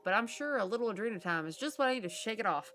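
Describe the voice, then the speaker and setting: A woman's voice: medium pitch, lively intonation, racing, a bit bright, voice pushed up, lightly acted. A woman reading aloud as a chatty man writing letters to his cousin, getting more desperate. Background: game music.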